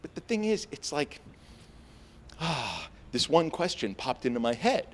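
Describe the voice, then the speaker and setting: An American man telling a story on stage before a live audience, animated and self-mocking, full of fillers and restarts. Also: a little high, measured pace, a little hiss or hum. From United States.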